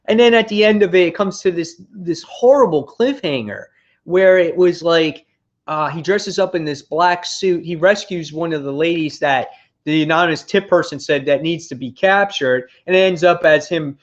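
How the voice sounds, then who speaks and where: A man's voice: a little high, moderate pace, muffled recording. A young man hosting a live comic book review show, talking casually with lots of fillers and exasperated rants. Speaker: host.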